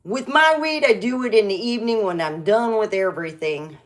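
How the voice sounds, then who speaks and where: A woman's voice: mid-range voice, moderate pace. A middle-aged woman doing a rambling, meandering stand-up style comedy monologue, chatty and full of restarts.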